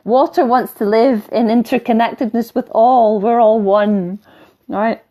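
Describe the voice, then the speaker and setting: A woman's voice: a little high, fairly even intonation, measured pace, mellow. A woman with a mixed English and Scottish accent, teaching in a casual, blunt way and often checking in with her listeners. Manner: blunt and chatty, keeps asking "right?", swears lightly. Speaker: spiritual teacher.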